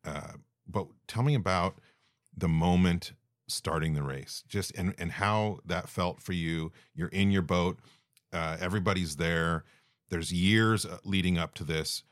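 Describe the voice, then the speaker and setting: A man's voice: low voice, unhurried, no room sound, studio quality. A man co-hosting a podcast who asks easygoing interview questions and chimes in with short agreements. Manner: easy interviewer, short affirmations, laughs along. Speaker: podcast co-host. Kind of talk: casual chat. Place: aboard a boat studio.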